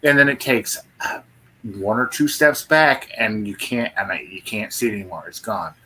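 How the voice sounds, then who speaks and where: A man's voice: lowish voice, normal speed, pushed and bright, slightly rough. A man co-hosting a live stream, chatting casually and eagerly telling a story of his own. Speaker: co-host of a live paranormal show.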